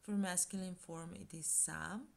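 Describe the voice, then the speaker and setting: A woman with a Montenegrin accent gives a scripted language lesson, speaking slowly and deliberately and pausing between phrases. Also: on the low side, fairly even intonation, creaky. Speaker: language teacher.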